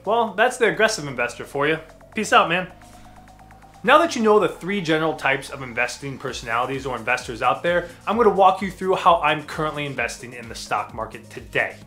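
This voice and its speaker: An upbeat man talking straight to camera in a casual explainer, his voice a touch high. Soft music sits faintly in the background. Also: very animated, fairly quick. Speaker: finance YouTuber.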